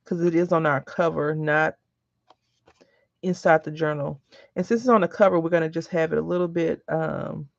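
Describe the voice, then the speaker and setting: Woman, rambling crafting vlogger, gravelly fry, dry dull lo-fi sound, chats through stories. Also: deep voice, measured pace, long pauses, no echo. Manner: chatty, rambling, tells anecdotes. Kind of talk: casual chat while crafting. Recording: dull lo-fi recording.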